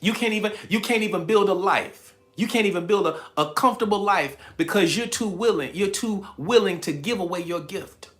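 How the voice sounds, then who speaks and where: A man's voice: sits high, brisk, hardly any pauses, a bit bright. A man hosting a live stream, giving a preachy, emphatic motivational talk, reading out chat comments and laughing often. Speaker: livestream host.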